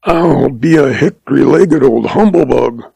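A blustering old frontier rancher, as a man voices him in a read-aloud western, speaking raised and folksy. The voice is gravelly and husky with a dark tone, close and dry. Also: medium pitch, lively intonation, takes it slowly, no room sound, heavily acted. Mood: exclaiming.

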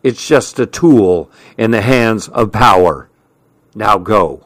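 Man doing a solemn preachy showman, slow and dry. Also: lowish voice, animated, no room sound. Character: showy grown man with a divining rod.

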